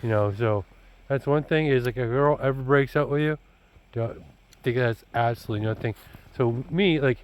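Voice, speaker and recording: A man of medium pitch, speaking at a moderate pace over poor audio, chats casually with his son about dating. The vlog-style talk rambles, and he's blunt and preachy, looping back with "you know" and "dude."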